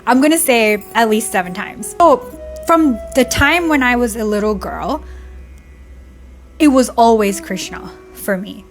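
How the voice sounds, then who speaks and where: A woman's voice: on the high side, a little slow, faint music behind. A young woman vlogger telling a heartfelt personal story in a casual, conversational way, tearing up at times. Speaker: spiritual vlogger.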